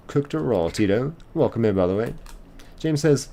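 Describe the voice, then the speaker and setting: A man's voice: on the low side, lively intonation, fairly quick, dark tone. A young man hosting a live stream, casually reading viewer comments aloud and rambling with lots of fillers. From United States.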